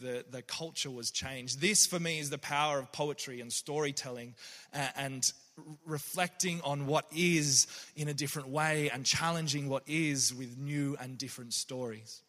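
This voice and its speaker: A man's voice: medium pitch, pushed and bright, in a large hall. A man, a poet, giving a reflective faith talk that mixes in stories. He speaks earnestly, often restarts his sentences, and briefly acts out the voices of people he quotes.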